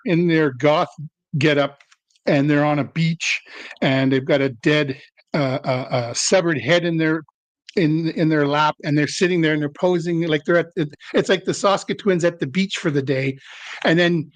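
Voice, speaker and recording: A middle-aged actor talking as an interview guest, telling rambling, self-deprecating stories. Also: male voice, fairly high pitch, normal speed, dry recording. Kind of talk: casual interview storytelling.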